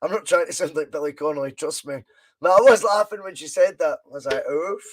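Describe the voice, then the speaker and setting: A man's voice: fairly high pitch, fast talker, slight background noise. A Scottish man hosting a live football watch-along podcast, chatting in a rambling way and reading viewer comments aloud. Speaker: podcast host.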